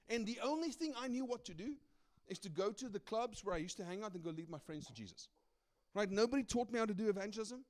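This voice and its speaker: With a high voice, a middle-aged man from South Africa gives a sermon as a visiting speaker, recounting his own stories in a spirited, conversational way and repeatedly checking in with "right?".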